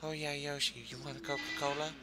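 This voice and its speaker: A man's voice: a little high, level tone, fast talker, background noise, pitched above the performer's own voice, natural voice. Man mimicking a fussy forgetful grandma. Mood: sweet insistent. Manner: sweet, repetitive, nagging. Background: video game music.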